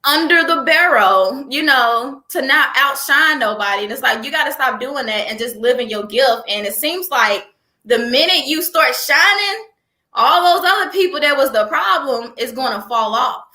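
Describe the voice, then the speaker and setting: A young woman, a guest, chatting in an interview with an animated storytelling manner. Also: high voice, moderate pace, roomy sound. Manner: animated storyteller, laughs often. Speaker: guest, entrepreneur. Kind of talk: casual interview chat.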